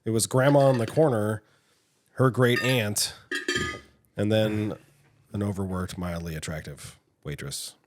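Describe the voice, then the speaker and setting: Low-voiced joking co-host, a man in his thirties, full of teasing asides. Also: unhurried, pauses often, background noise. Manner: teasing, jokey interjections. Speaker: podcast co-host. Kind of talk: casual chat.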